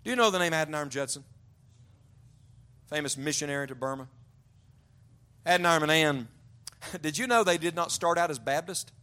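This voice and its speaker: A man's voice: a little fast, long pauses. Man preaching a storytelling sermon. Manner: storytelling, drops to a hushed low voice for emphasis. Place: large church auditorium.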